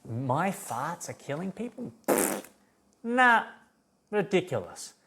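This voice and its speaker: A man's voice: a little high, huge pitch swings, takes it slowly, vocal fry, pushed and bright, slight background noise, voice pushed up, exaggerated voice. A man voicing a stubborn male ogre who scoffs and brushes off any blame. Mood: dismissive. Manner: scoffing, dismissive.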